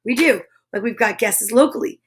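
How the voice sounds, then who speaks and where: A woman's voice: on the high side, normal speed, slightly rough. A woman hosting a casual live show, chatting playfully with viewers and reading a tongue-twisting sentence aloud. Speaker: show host. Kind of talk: upbeat live-stream chat.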